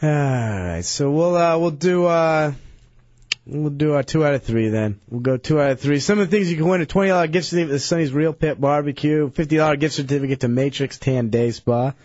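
A man's voice: on the high side, a little mellow, no echo. A man hosting a radio show, reading promos and phone numbers with many fillers. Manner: hurried, filler-heavy hosting. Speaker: radio host. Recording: dry, dull radio broadcast.

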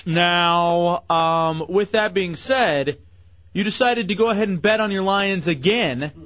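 A man's voice: sits high, slow pace, a bit bright, no room sound. A man hosting a casual radio show, joking and teasing his guests. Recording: lo-fi radio broadcast.

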